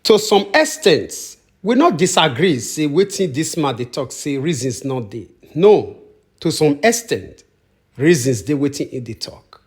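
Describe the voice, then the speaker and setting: A man's voice: fairly high pitch, big pitch swings, a little slow, slightly rough. A man speaking with a Nigerian Pidgin accent, hosting a channel and casually commenting on a video clip, reasoning aloud.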